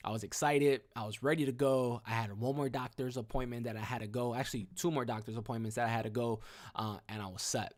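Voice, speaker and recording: A man hosting a live stream, telling his story in a casual, slangy, energetic way. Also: fast. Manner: slangy, energetic, peppered with "boom" and "mad cool".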